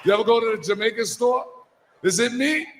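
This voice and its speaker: A male stand-up comedian telling profane stories on a club stage, slipping into quick character voices. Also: extremely high pitch, expressive. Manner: brash, profane storytelling with quick put-on voices. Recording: echoey live club recording with crowd noise.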